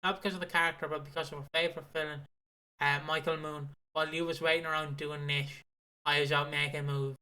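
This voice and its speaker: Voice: mid-range voice, level tone, fast talker, bright, forceful tone, rough recording. A podcast co-host, reading listener comments aloud in a chatty way, with laughing and swearing. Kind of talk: casual podcast chat.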